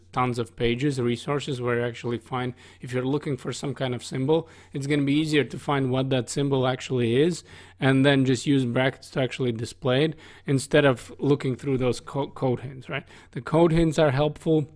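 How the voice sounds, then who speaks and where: A man teaching coding over a screen recording, talking casually and asking "right?" after nearly every phrase. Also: mid-range voice. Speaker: coding instructor. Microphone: studio desk microphone.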